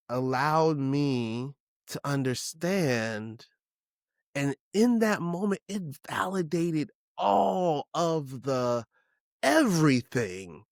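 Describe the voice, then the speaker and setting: A man in his forties speaks slowly and openly on his solo podcast. His voice sits at a middle pitch, jumps up and down as he restarts thoughts, and he drops casual curse words. The sound is close and dry, with no room around it. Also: no echo. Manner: candid and emotional, casual with swearing; halting restarts, pitch swinging widely. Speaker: podcast host.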